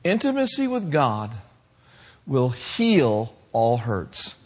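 A man preaching a sermon to his congregation, building to shouted passages and calling for responses. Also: medium pitch, wildly swooping pitch, slow pace. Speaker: pastor.

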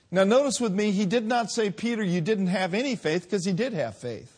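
A man preaching a sermon, swinging between loud drawn-out peaks and quiet low lines. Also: expressive, husky.

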